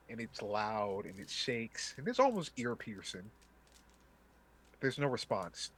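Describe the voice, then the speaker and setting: Game master guy, animated pitch, casual, fillers, tabletop narration. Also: unhurried, breathy edge.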